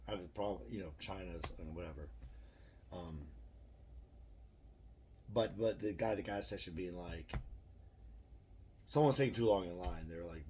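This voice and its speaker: A man's voice: lowish voice, a little hiss or hum. Profane ranting middle-aged man. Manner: profane, ranting, self-deprecating. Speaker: vlogger. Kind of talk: rambling opinion monologue.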